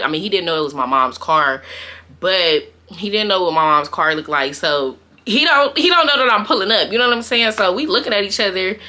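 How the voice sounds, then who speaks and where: A young woman tells a dating story to her viewers in a loose, slangy way, full of fillers and acted-out asides. Her voice sits a little low but sounds bright and edgy. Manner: animated, slangy, frequent fillers and quoted asides. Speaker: storytime vlogger. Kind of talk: casual storytime chat.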